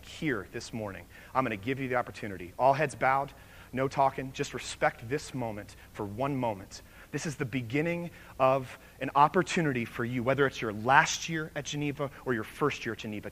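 A man preaching a sermon, telling a story with animated energy and then leading a soft, hushed prayer. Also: mid-range voice. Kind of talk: sermon with story and altar call.

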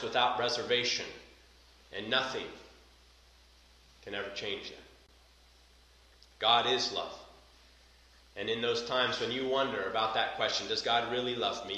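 A male pastor delivers an earnest sermon, stressing his points through repetition. His voice is bright and forceful, sitting at an ordinary pitch. The sound carries heavy reverberation, as from a large hall. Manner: earnest, emphatic preaching with repetition.

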